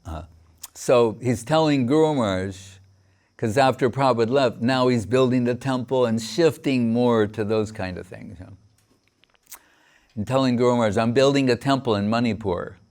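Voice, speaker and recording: A man, a spiritual teacher, giving a sermon on scripture in a halting way, reciting verses and restarting often. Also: medium pitch, darkish tone.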